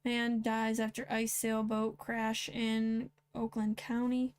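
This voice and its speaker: Blunt woman with a fairly high voice. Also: monotone, slow, a little mellow, smooth. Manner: blunt, sarcastic asides. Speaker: host. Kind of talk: reading and commenting on news headlines.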